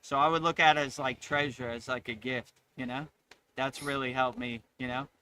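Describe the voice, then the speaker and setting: Bright-voiced man teaching with a laugh. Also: medium pitch, fairly even intonation, moderate pace, clean tone. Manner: enthusiastic, laughs often, many "you know"s. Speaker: spiritual teacher and host. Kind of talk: casual spiritual chat.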